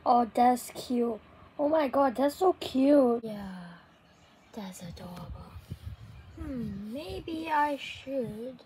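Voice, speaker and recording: Very high, excitable woman playing a game. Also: takes it slowly, a little hiss or hum, poor audio. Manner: excitable, swings from hushed murmurs to squealing shouts. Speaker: game player. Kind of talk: playful game narration.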